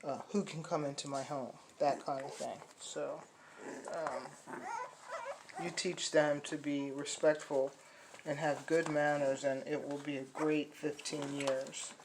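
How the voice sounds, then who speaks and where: A woman's voice: level tone, a little slow, noisy background. A middle-aged woman, a dog breeder, chatting casually to puppy buyers on a phone video, rambling with many fillers and restarts. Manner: high sing-song baby talk to the puppies.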